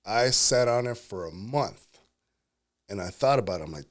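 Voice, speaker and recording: Man, low-pitched, animated storyteller, laughs often, acts out quotes, casual interview guest. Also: moderate pace. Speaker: guest, pro bodybuilder and entrepreneur.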